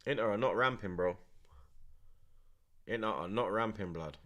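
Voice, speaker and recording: A young man talking through a football watchalong in a relaxed, slangy way. He repeats each phrase and reads out viewers' comments between plays. His voice sits a little low. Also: normal speed. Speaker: streamer hosting a watchalong. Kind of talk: live watchalong commentary and chat reading.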